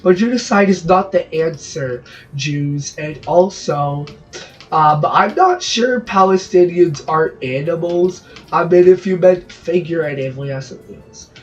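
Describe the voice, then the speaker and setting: Rambling Brazilian man, fairly high voice. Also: lively intonation, unhurried. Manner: rambling, jokey, self-interrupting asides. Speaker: gaming channel host. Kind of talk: gameplay commentary. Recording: distant, dull lo-fi mic with music behind.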